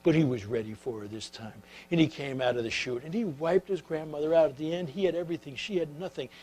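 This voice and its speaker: A man telling stories to an audience and drawing life lessons, in an animated way that grows soft and intimate, often filling pauses with "uh". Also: on the high side, low-quality recording. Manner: animated storyteller who turns soft and intimate; filler-heavy, with repeated "uh". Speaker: speaker. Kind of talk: storytelling talk.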